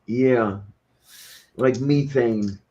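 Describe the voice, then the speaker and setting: A man's voice: medium pitch, drawn-out words, mellow, highs cut off. A man in casual chat who talks in a musing way and mutters to himself. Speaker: podcast co-host.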